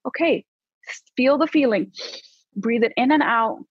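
Woman psychologist guest, higher husky voice, dry and slightly dull podcast audio. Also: unhurried, no room sound. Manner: lively and coaching, with casual "like" fillers. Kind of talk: conversational podcast advice.

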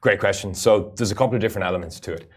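A man's voice: fairly low pitch, racing, husky. A man, a rally racer and guest, giving earnest, explanatory interview answers with frequent "uh" fillers. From Ireland.

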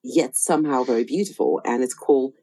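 Interview host, woman; low, mellow voice, thoughtful and measured delivery. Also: animated, low-quality recording. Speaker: podcast host. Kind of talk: reflective interview talk.

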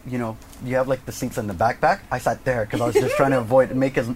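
A man's voice: medium pitch, steady tone, quick pace, a little hiss or hum. A man cohosting a podcast, telling a story in casual chat, acting out quotes and swearing freely.

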